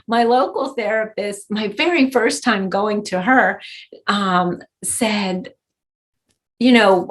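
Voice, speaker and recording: A woman guest on a podcast, telling personal stories with many fillers and bursts of laughter. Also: a little high. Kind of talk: storytelling in interview.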